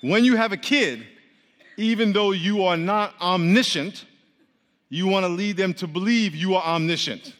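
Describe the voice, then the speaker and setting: A man's voice: high voice, normal speed, a bit bright. A man teaching an interactive sermon with call-and-response, playful and quizzing his listeners. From grew up Catholic. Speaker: preacher teaching a class. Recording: long hall reverb.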